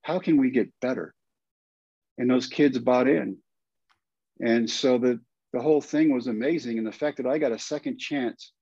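A Texan man, a former pitcher and coach, tells stories as a guest in a podcast interview. His voice sits in the mid range and the recording is dry and muffled. He's an animated storyteller who acts out the lines he quotes.

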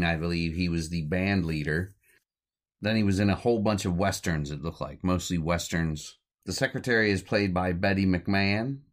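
A man hosting a podcast, retelling an old comedy short in a loose, rambling way and chuckling as he goes. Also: sits low. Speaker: podcast host. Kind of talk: casual film recap.

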